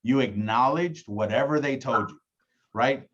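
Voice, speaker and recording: A man's voice: mid-range voice, measured pace, a bit bright, husky, muffled recording. A man coaching colleagues on setting phone appointments, acting out calls and often tagging his points with "right?". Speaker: insurance agency director. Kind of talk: casual training talk.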